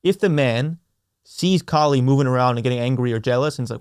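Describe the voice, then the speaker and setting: A man's voice: medium pitch, clear, resonant tone, dry recording. Earnest man talking in a dry room. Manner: earnest, repetitive, slow emphatic phrasing. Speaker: podcast host. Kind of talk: reflective solo podcast talk.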